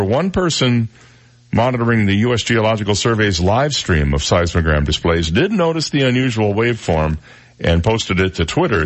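An older man hosting a radio talk show, reading odd news stories and adding wry, joking asides. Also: on the low side. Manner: wry asides, reads stories then jokes about them. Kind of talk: casual news-of-the-day monologue.

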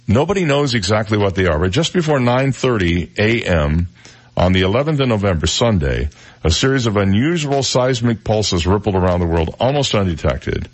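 An older man hosting a radio talk show, reading odd news stories and adding wry, joking asides. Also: low voice. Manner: wry asides, reads stories then jokes about them. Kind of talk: casual news-of-the-day monologue.

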